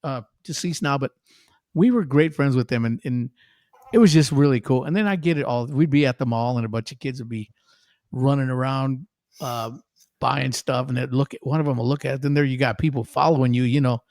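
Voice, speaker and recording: Dry-sounding man telling lively stories. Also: mid-range voice, a little fast, dry recording. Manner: animated storyteller who laughs often. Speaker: musician guest. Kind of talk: casual podcast chat.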